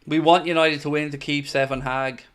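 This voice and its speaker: A man's voice: fairly high pitch, steady tone, moderate pace, smooth. A young Irish man hosting a football watchalong stream, chatting casually and reading out viewer comments. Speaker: watchalong host.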